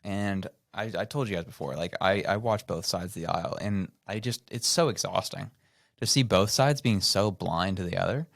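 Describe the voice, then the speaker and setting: A Canadian man co-hosting a podcast, talking politics in a lively, casual way and mimicking other people's voices. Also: low voice, normal speed, vocal fry, no echo, clean studio sound. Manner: animated, mocks voices of others. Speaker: podcast co-host. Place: studio.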